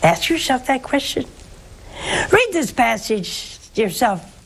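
An older woman, a nun, preaching and counseling callers on a religious call-in show, slow and emphatic, leaping up in pitch for stress. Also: big pitch swings, gravelly, slight background noise, rough recording.

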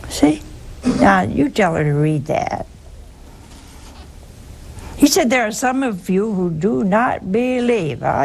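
Older lady hosting a religious call-in show, slow and emphatic, bit of fry in the voice. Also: a little mellow. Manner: slow, emphatic, preacherly, with sudden high rises. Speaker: religious radio host answering callers. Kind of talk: call-in radio teaching.

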